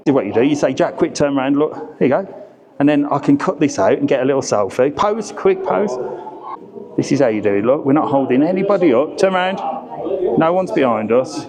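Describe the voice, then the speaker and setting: A middle-aged man, chatting and joking to a handheld camera in an indoor ice tunnel, a little out of breath. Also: mid-range voice. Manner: chatty, jokey, teasing. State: slightly out of breath. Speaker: travel vlogger. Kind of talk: casual vlog talking to camera. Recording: crowd chatter behind the voice. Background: crowd of visitors.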